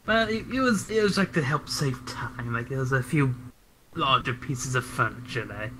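A man's voice: mid-range voice, animated, moderate pace. A man in casual online voice chat, hesitant and restarting, plainly explaining his 3D modeling work. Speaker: 3D world creator. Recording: noisy line with clicks.

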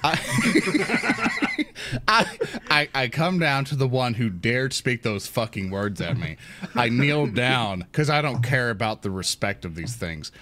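A man's voice: mid-range voice, very animated, takes it slowly, pushed and bright. A man playing a tabletop game, brash and profane as he acts out his character. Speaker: player. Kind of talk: tabletop role-play.

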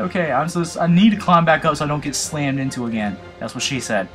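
A man with a nasal voice and a slight lisp, loudly and excitably commentating his own gameplay, swearing and joking constantly. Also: on the high side, quick pace, hardly any pauses, faint music behind. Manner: loud, excitable, heavy swearing and jokes. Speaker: let's play gamer.

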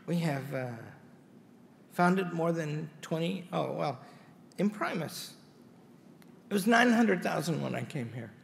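Gravelly man giving a wry hall speech. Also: a little high, lively intonation, slow pace, long pauses, slight background noise. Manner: wry, folksy storytelling with asides. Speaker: college president. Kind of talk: anniversary speech to an audience. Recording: hall reverb with faint ambience.

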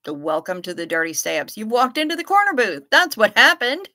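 A woman's voice: on the high side, big pitch swings, pushed and bright. A woman hosting a casual livestream, reading viewers' comments aloud and teasing them playfully, often laughing and trailing off mid-thought. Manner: trails off and restarts, unhurried. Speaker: livestream host.

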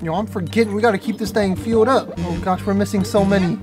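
A young man in his twenties giving crude, joking, excitable let's-play commentary. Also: high voice, fast talker. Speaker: gaming YouTuber. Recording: game music behind.

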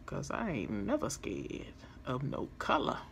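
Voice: mid-range voice, wildly swooping pitch, measured pace, a bit bright, slight background noise. A makeup vlogger chatting casually through a tutorial, playful and talkative, addressing viewers directly. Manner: chatty and playful, talks to viewers as y'all, chuckles.

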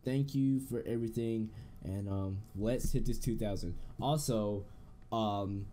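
A young man giving casual, excitable commentary over a horror game, with loud outbursts and a relaxed chat to his viewers. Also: fairly low pitch, a little slow, a little hiss or hum. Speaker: gaming YouTuber.

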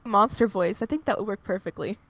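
A woman's voice: medium pitch, fairly quick. A woman chiming in with teasing, playful remarks during a casual voice chat with friends.

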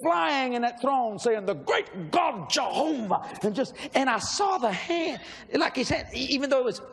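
A middle-aged man, a minister telling his story in an animated sermon, breaking into shouts. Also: very high-pitched, normal speed, creaky. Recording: live hall reverb with faint crowd.

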